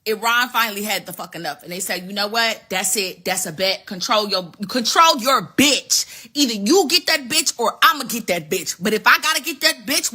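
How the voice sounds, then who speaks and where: A woman hosting a show, telling a story in casual, profane, animated commentary. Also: sits high, breathy edge. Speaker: show host.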